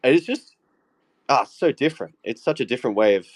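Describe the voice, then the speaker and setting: An Australian man and AI agent developer chatting excitedly on a group call, swearing freely and laughing often. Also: medium pitch, fairly quick.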